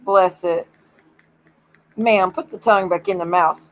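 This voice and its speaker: A woman's voice: lowish voice, steady tone, measured pace, poor audio. Woman hosting a livestream, chatty storyteller who mimics others and laughs a lot. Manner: gossipy storytelling, acts out quoted lines, swears freely; giggly, breaks into laughter. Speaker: livestream host. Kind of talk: casual chat.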